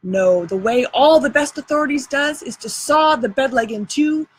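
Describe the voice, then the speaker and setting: A woman's voice: sits high, normal speed, breathy edge, low-quality recording. A woman reading aloud and voicing a bossy, show-off boy adventurer in a drawling folksy dialect. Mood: lecturing.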